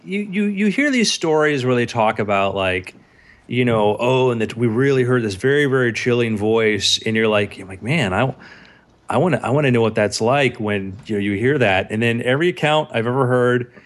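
A man in casual comedic podcast chat who talks in quick, laughing bursts. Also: medium pitch, lively intonation.

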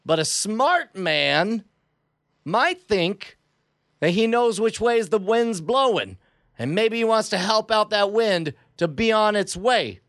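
A man's voice: sits high, big pitch swings, fairly bright tone, dry recording, studio quality, pitched above the performer's own voice, full character voice. A man putting on a drawling villain warlord. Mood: menacing. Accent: put-on fake Southern drawl. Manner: slow grandiose villain speeches. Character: swaggering menacing male warlord of a chimp army.

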